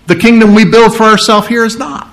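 A pastor preaching a sermon, emphatic and conversational, slowing down to read scripture and repeating key phrases. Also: male voice, high voice, steady tone, low-quality recording. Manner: conversational, with frequent restarts and throat clearing.

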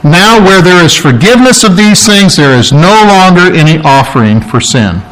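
A man with a high-pitched voice preaches a sermon. He talks in an emphatic but conversational way and often turns to the congregation with asides. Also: lively intonation, normal speed, fairly bright tone, poor audio. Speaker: pastor.

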